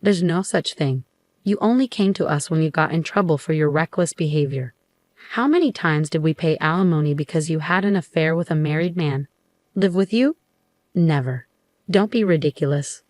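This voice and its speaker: A woman reads as a blunt older mother who scolds sharply and refuses outright. The voice is a little low and sounds dry and close. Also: moderate pace, darkish tone, dry recording, lightly acted. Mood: furious.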